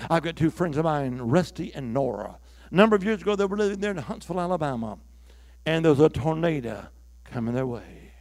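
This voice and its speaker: An older man preaching a revival sermon, his fairly high voice rough with gravel. He moves between near-whispered storytelling and shouted calls for the crowd to answer back. The sound is close and dry, with little room around it. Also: no echo. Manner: swings from hushed storytelling to shouted call-and-response; leads the crowd in chants. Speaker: traveling evangelist.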